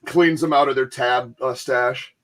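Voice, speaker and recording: A man's voice: mid-range voice, fairly even intonation, unhurried. Laughing man in casual chat. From Michigan, US. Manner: rambling, laughing, acts out quoted voices. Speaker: podcast host.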